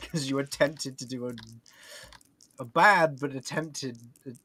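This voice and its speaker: A man narrating a tabletop game as game master, lively and laughing often. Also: mid-range voice, slow, breathy edge. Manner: lively, laughs often while describing scenes.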